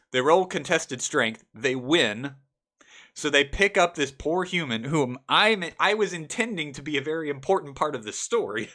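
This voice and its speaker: A young man recaps the tabletop game he ran, and his bright, lively voice breaks into laughter as he goes. His telling is casual and animated, and he slips into quick character voices. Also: mid-range voice. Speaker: game master telling a story. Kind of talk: casual storytelling vlog.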